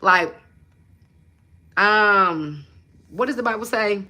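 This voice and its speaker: A woman hosting a motivational chat, answering viewers bluntly and profanely, swinging between loud emphasis and low asides. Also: slow pace. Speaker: manifestation coach and channel host.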